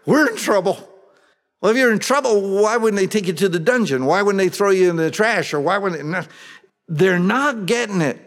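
A man's voice: sits high, expressive, fairly quick, long reverb tail. A man preaching a sermon, reading Bible verses aloud and then explaining them in plain, everyday words. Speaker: pastor.

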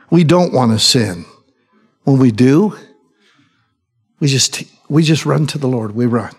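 A man preaching from the pulpit with fervent emphasis, his voice carrying a long reverb through the hall. His pitch sits in an ordinary middle range for a man. He swings from pressing, heated lines to soft, quiet ones. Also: husky. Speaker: pastor. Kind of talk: sermon.

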